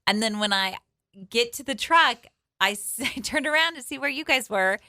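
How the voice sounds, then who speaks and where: A woman's voice: a little high, expressive, normal speed, sharp tone, no room sound, studio quality. Giggly woman radio co-host. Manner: giggly, defensive storytelling. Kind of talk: casual banter.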